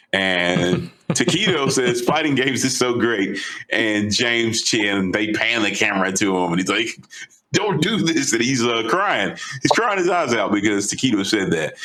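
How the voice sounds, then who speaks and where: Low-voiced man telling a gaming story. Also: normal speed. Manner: animated, retelling with excitement. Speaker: podcast co-host. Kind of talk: casual storytelling chat.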